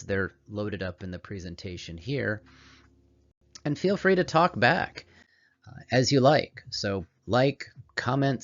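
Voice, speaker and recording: A man hosting a career coaching show, giving a calm, meditative solo presentation in a put-on radio voice. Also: fairly low pitch. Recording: slightly dull audio with soft background music. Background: calming music.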